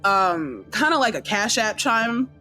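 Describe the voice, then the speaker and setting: Slow, deliberate woman game master. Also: mid-range voice, expressive, pushed and bright, soft background music. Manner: slow, deliberate storytelling with casual slang. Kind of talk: narrating a tabletop game.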